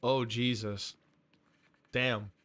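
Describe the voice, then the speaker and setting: A man's voice: medium pitch, little pitch movement, drawn-out words, fairly bright tone. A male streamer chatting casually while reacting to a game, joking crudely and laughing often.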